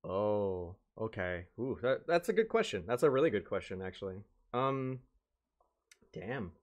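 A man's voice: fairly low pitch, sing-song, a little slow, lo-fi sound. A young man being interviewed in a casual chat about video editing, rambling and swearing, often joking. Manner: rambling, profane, jokey, slips into mocking voices. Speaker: interview guest, video editor.

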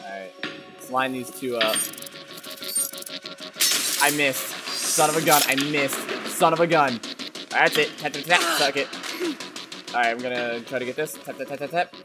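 A man commentating his own gameplay, excitable and muttering to himself as he plays. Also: medium pitch, normal speed, long pauses, loud music behind the voice. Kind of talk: let's play commentary.

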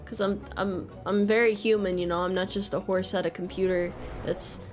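A woman's voice: medium pitch, steady tone, moderate pace. A woman streamer giving casual, jokey commentary while playing a video game, swearing, laughing and yelping in panic. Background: game music.

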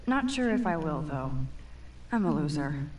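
A woman's voice: low voice, very animated, unhurried, darkish tone. A woman voicing a wry, self-deprecating young female student in a video game, speaking in dry muttered asides. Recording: distant game audio, faint noise.

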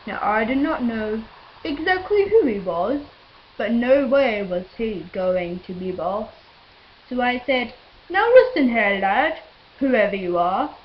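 A woman's voice: a little high, big pitch swings, slow pace, muffled recording, slight background noise. Woman narrating as a boastful tree-chopping builder. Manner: boastful, sing-song rhyming. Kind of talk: rhyming storybook narration.

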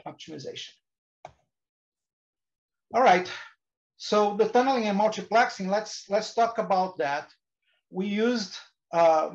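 A man's voice: high voice, highs cut off. A man giving a technical presentation to engineers, often restarting words and using fillers. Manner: hesitant, frequent restarts and fillers.

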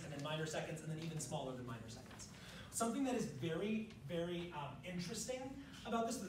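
A high-pitched man presents a music education workshop lecture, walking through ideas step by step and playing examples on piano. The setting is a large room at a professional development session, heard through a distant mic with echo, piano and background noise.

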